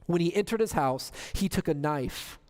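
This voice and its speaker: High-pitched guy preaching, tells the story big, lots of "doesn't it?", echoey church. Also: animated, moderate pace, a little mellow. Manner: dramatic storytelling with rhetorical questions. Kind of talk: sermon. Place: church sanctuary.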